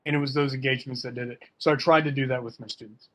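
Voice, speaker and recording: A man's voice: mid-range voice, fairly even intonation, rapid-fire, a bit bright. A man talking casually and emphatically as a fencing coach in an online workshop, full of slang. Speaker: fencing coach and guest speaker.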